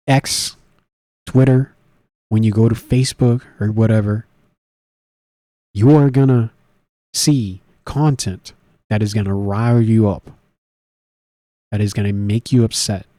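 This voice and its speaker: A man's voice: lowish voice, mellow, no room sound. A man giving casual solo political commentary, rambling with many fillers, restarts and self-corrections.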